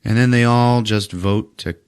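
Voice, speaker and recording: A podcast host with a lowish, clear, resonant voice recaps a film casually at a moderate pace with fairly even intonation. He swears freely, laughs a lot, and acts out the characters in different voices.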